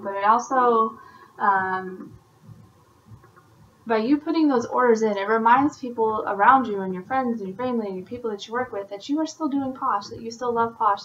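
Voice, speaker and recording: A woman's voice: medium pitch, fairly bright tone, highs cut off, slight background noise. Chatty woman rallying her sales team. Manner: chatty, encouraging, many fillers. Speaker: independent sales consultant. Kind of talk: casual team update video.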